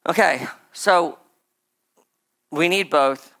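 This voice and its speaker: Animated and meandering, this preacher's sermon feels conversational, full of "like" and "right?" tossed in along the way. He speaks in a mid-range voice at a normal speed.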